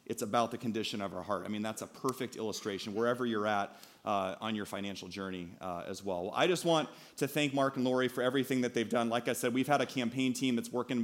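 A male pastor giving a sermon in church, earnest and building to emphatic appeals. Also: mid-range voice.

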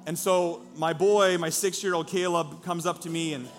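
A man's voice: on the high side, steady tone, moderate pace, soft background music. A man preaching a sermon as pastor, with an emphatic, repetitive preaching cadence. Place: church in a former car dealership.

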